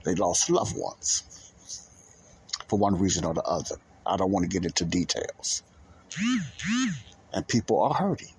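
A man's voice: low voice, lively intonation, moderate pace, pauses often, darkish tone, a little hiss or hum. A man hosting a Christian podcast, preaching in a casual, rambling way and often repeating himself. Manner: rambling, repeats himself, loses his thread. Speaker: podcast host.

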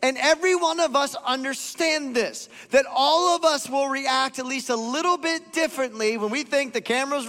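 A man's voice: very high-pitched, big-room sound. A man preaching a sermon as pastor, speaking conversationally and directly to the congregation. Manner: animated, acts out quoted voices. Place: church auditorium.

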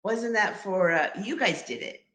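A woman's voice: medium pitch, lively intonation, moderate pace, fairly bright tone. A middle-aged woman, the mother of the hosts, chatting casually as a guest and laughing as she tells stories. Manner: laid-back, laughing storyteller. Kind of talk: casual chat. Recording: echoey room.

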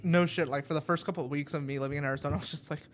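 A man's voice: on the high side, steady tone, racing, soft background music. A young man co-hosting a casual podcast, laid-back and sarcastic, swearing casually. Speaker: podcast co-host. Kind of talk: casual chat. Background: military jets overhead.

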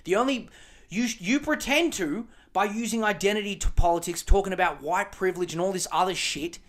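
A man's voice: high-pitched, fairly quick, a bit bright. A man hosting a podcast, ranting angrily and swearing in exasperation. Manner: angry, profane, exasperated ranting. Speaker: podcast host.

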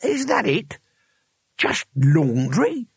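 A man voicing a gruff, wiry old male barbarian, speaking in a slow, drawn-out way. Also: fairly high pitch, sing-song, dry recording, pitched above the performer's own voice, full character voice. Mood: furious.

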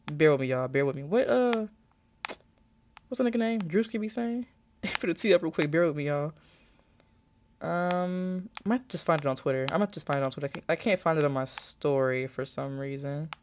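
A woman's voice: sits low, a little fast, a little mellow, slight background noise. Rambling young woman vlogger. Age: young adult. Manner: chatty and rambling, thinks aloud while searching her phone. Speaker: college student vlogger. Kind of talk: casual vlog chat to viewers.

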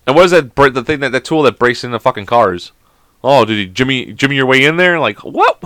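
Male podcast co-host, profane and rambling, lively pitch, dry close sound. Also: dry recording. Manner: profane, rambling, quick to laugh. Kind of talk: casual podcast banter.

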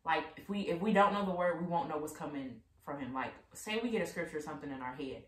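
A woman's voice: low-pitched, fast, a little hiss or hum. A woman hosting a casual faith discussion podcast, chatty and saying "like" often. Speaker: podcast host. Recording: echoey room, mic at a distance.

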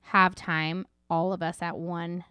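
A woman's voice: lowish voice, flat delivery, slow, sharp tone, clean tone, no echo. A woman in her thirties co-hosting a casual faith podcast, chatting with lots of "like" and "you know". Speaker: podcast co-host.

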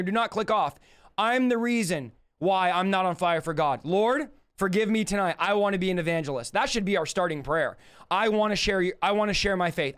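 Guy with a really high voice preaching on a livestream, fired up, shouting then dropping low. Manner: rhetorical questions, swings between shouts and low asides. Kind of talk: live-streamed sermon.

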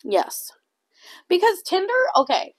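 A young woman co-hosting a podcast in casual chat, animated and laughing often, trailing off mid-sentence. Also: very high voice, a little slow. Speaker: podcast co-host.

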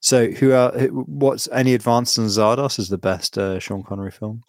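A man co-hosting a casual podcast chat, rambling and animated, acting out quotes as he tells stories. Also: medium pitch, moderate pace, dry recording. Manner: rambling, animated storyteller who acts out quotes. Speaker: podcast co-host.

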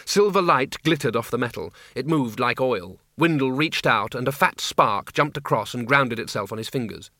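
A man narrating a comic fantasy audiobook in a wry, measured way. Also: medium pitch, expressive, bright, forceful tone, no room sound, studio quality.

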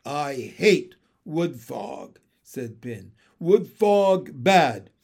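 A man voicing a stubborn male frog prince who talks in slow, clipped, broken phrases. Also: a little high, big pitch swings, vocal fry, a little mellow, slightly rough, exaggerated voice. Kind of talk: storybook read-aloud.

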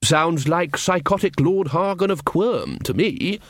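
A man's voice: animated, unhurried, fairly bright tone, no echo, studio quality. A man doing a bluff, blustering old wizard chief. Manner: blustering, stammering, pitched up.

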